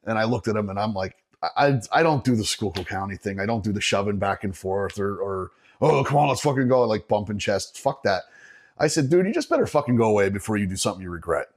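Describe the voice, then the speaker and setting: A middle-aged man from Northeastern Pennsylvania, a bassist guest on a podcast, telling a rowdy story in a casual, profane way and often breaking into laughter. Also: lively intonation, quick pace.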